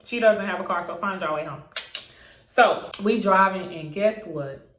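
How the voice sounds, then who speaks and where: Animated young woman telling a story, echoey room. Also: measured pace. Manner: animated, acts out quotes with big pitch jumps, swears freely. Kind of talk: casual storytime.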